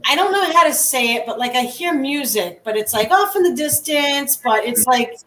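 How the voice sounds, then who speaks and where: A woman's voice: high voice, animated, normal speed, sharp tone, a little hiss or hum. A woman who is a guest paranormal investigator, telling stories casually and laughing along the way. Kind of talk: casual storytelling. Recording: roomy and distant from mic.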